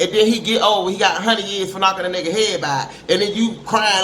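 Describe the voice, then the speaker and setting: A woman's voice: mid-range voice, normal speed, few pauses, fairly bright tone. A middle-aged woman talking candidly to camera about parenting, emphatic and preachy, calling her listeners honey. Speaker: parent giving advice. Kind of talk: candid motivational talk to camera. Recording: echoey room with faint noise.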